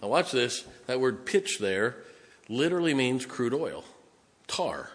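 A man preaching a sermon in a church sanctuary, his mid-pitched voice ringing with a long reverb that trails off in the hall. He reads scripture in a stately cadence, then breaks into emphatic explanation aimed at the congregation. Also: very animated, measured pace, fairly bright tone. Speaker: pastor.

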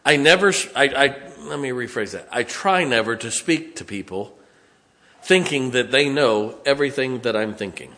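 A man's voice: medium pitch, expressive, normal speed, sharp tone, big-room sound. A middle-aged male pastor, preaching a sermon in a church with folksy, conversational stories. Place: church sanctuary.

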